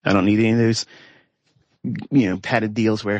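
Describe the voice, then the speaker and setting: A man's voice: lowish voice, steady tone, moderate pace, no room sound. A man teaching trading, talking unscripted from inside a parked pickup truck in an emphatic, scornful way, stretching out the words he stresses. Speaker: trading educator. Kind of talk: unscripted ranting monologue.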